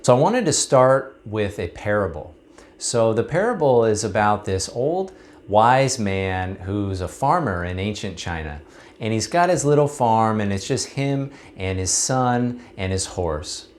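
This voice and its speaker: A man's voice: lowish voice, expressive, unhurried, a little hiss or hum. A man, a recovery coach, talking casually to camera and telling a story in a conversational way.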